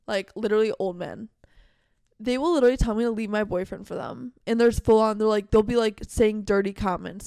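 In a casual podcast monologue, a young female host speaks heatedly and candidly, fast and emphatic, leaning heavily on "like." Her voice is a little high with a clean tone. The studio-quality recording has no room sound.

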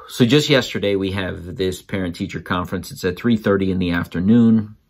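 A man with a slightly low voice tells a story the casual way a father talks about his kid. He is animated, leaning hard on key words and giving other parents emphatic advice. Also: normal speed. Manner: animated, jumps up in pitch when quoting others.

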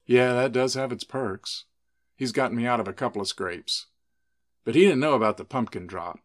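A man's voice: mid-range voice, normal speed, voice pushed up, close to an everyday voice. A man voicing a swaggering, teasing young man, the sheriff's son, in a spoken story. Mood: bragging.

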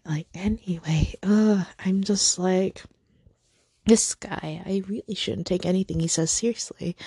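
A woman's voice: low voice, creaky, mellow, no echo, studio quality. A young woman hosting a casual podcast, ranting about her week in a chatty, frustrated way, full of "like" and sighs. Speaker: podcast host. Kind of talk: casual personal rant.

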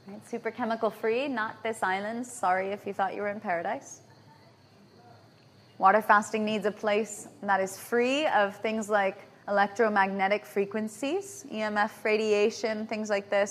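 A woman's voice: medium pitch, fairly bright tone, slight background noise. Female lecturer, mid-range voice, conversational teaching style, peppers points with "right?" and "yeah?". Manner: checks in with listeners with frequent tag questions. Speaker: natural hygienist giving a lecture. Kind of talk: lecture to a live audience. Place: lecture venue in Bali.

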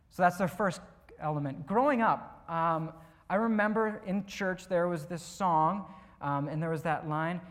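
A man's voice: fairly high pitch, big-room sound. A man preaching a conversational sermon in a church, chatty and full of fillers, often asking the congregation questions.

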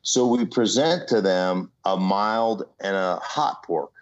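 A man, a guest in an interview, telling an animated story with frequent "right?" asides and mimicked voices. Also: low-pitched, slow pace. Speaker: guest, former football player and entrepreneur. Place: remote from home city. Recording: slightly muffled lo-fi audio.

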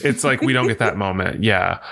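A man's voice: lowish voice, a little fast, gravelly. A man co-hosting a podcast, chatting casually about a movie and acting out scenes with jokes. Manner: animated, jokey, acts out scenes. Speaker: podcast co-host. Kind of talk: casual movie-review chat.

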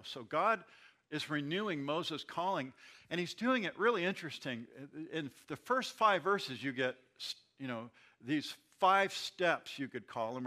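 A pastor with a bright, forward, slightly high voice walks his congregation through a Bible passage in a conversational teaching style. As he explains, he often repeats a word or restarts a phrase.

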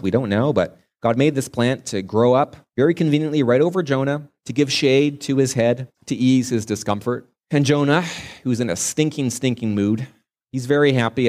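A man's voice: mid-range voice, a little mellow. A man preaching a sermon as a pastor, retelling a scripture story earnestly and stretching key words for emphasis.

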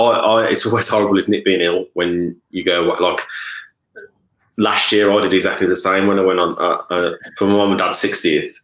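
A man's voice: low-pitched, a bit bright. A man co-hosting a podcast in casual chat, rambling along and ending thoughts with "isn't it?" tags. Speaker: podcast co-host, company co-founder. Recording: roomy echo.

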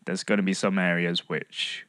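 A man's voice: low voice, little pitch movement, moderate pace, a bit bright, clear, resonant tone, no room sound, studio quality. A young man co-hosting a podcast, laid-back and easily laughing, hedging his points with fillers. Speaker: podcast co-host. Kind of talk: casual chat.

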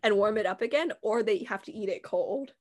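A young woman co-hosting a casual podcast, telling stories in a giggly, animated way and acting out what people said. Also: mid-range voice, fairly quick. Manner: giggly, animated storytelling with acted quotes. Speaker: podcast co-host. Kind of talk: casual chat.

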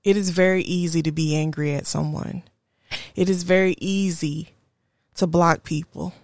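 A young adult woman, telling a personal story in a slow, reflective and candid way as a podcast host. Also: fairly low pitch, fairly even intonation, darkish tone, no echo, studio quality. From Houston, Texas area. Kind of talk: personal monologue.

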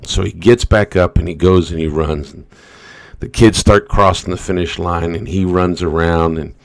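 Deep gravelly man giving a pep talk. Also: steady tone, moderate pace. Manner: rambling, loose, full of "you know" asides. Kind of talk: motivational storytelling monologue.

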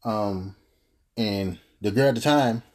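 Brief: young man, low husky voice, mellow, earnest rambling personal story. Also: slow pace. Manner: earnest, rambling, with frequent restarts and fillers. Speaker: podcast host telling his story.

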